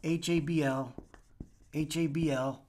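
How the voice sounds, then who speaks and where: A man teaching a Spanish verb lesson, spelling out letters and repeating each form deliberately. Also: a little high, fairly even intonation, darkish tone, slight background noise. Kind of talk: whiteboard language lesson.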